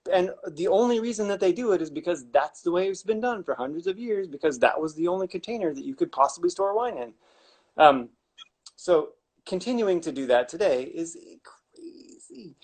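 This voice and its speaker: A man's voice: sits high, expressive, a little fast, darkish tone. A man, a winemaker, explaining wine making in a casual, rambling way with wry asides and many restarts.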